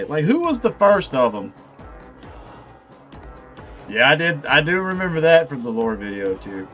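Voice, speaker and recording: A man's voice: fairly high pitch, very animated, measured pace, long pauses, fairly bright tone, faint music behind. A man casually chatting while he assembles miniatures. He is laid-back and profane and laughs often. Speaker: channel host.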